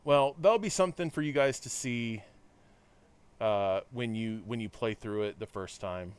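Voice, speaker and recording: A man's voice: medium pitch, a little slow, smooth. A man casually commenting on a game he plays live, chatting with his viewers and thinking aloud. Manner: chatty, talks to chat, thinks aloud with restarts. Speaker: streamer.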